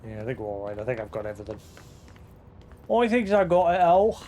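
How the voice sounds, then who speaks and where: A streamer casually playing a game live, reading in-game documents aloud in a measured cadence between offhand asides. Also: mid-range voice, big pitch swings, dark tone, a little hiss or hum. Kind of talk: live gameplay commentary.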